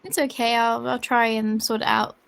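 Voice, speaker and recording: A woman's voice: on the high side, flat delivery, moderate pace, creaky, fairly bright tone. A young woman chatting as a singer guest on a livestream, hesitant and full of filler words. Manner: hesitant, lots of 'like' and 'um'. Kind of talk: casual livestream chat.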